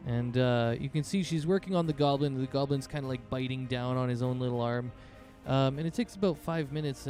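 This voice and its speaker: A man's voice: mid-range voice, a little mellow. A man narrating a tabletop game as game master in a loose, rambling way with many fillers.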